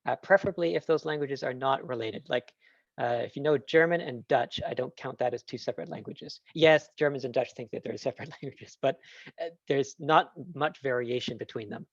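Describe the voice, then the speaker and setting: Gravelly man enthusing on a video call. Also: mid-range voice, fairly quick, dry recording, dull audio. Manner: enthusiastic, rambling with fillers. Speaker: guest speaker. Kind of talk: casual Q&A answer.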